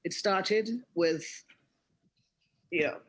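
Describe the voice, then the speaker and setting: A woman's voice: lowish voice, very slow, low-quality recording. A Jamaican woman in her sixties, an art director telling stories on a webinar video call in a chatty way, often restarting her sentences. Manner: chatty storytelling with frequent restarts. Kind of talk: anecdotal webinar talk.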